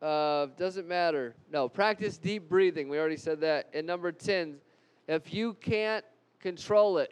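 A man giving an animated anger-management talk to a live group, repeating key points and joking at his own expense. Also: high-pitched, clean tone, low-quality recording.

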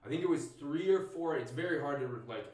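A man's voice: on the high side, animated, brisk, darkish tone. A man who is a guest on a podcast, telling a story casually, swearing a lot and saying "like" often. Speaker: podcast guest, stand-up comedian. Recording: echoey room, distant mic.

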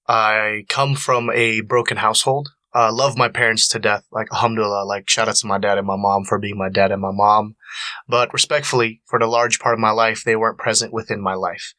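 Earnest young man, bright forward voice. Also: on the low side, dry recording. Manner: earnest, emotional, repeats phrases for emphasis. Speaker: actor and panelist. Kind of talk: personal storytelling on a panel.

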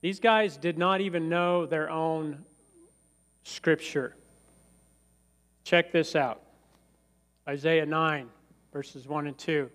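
A man's voice: on the high side, steady tone, slow pace, pauses often, a bit bright, long reverb tail. A male pastor preaching a sermon in a church, emphatic and acting out quoted lines.

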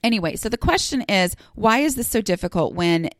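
A woman's voice: mid-range voice, expressive, a little fast, no room sound, clean studio sound. A middle-aged woman hosting a podcast, rambling and self-deprecating with lots of fillers. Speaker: podcast host. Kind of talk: casual solo podcast talk.

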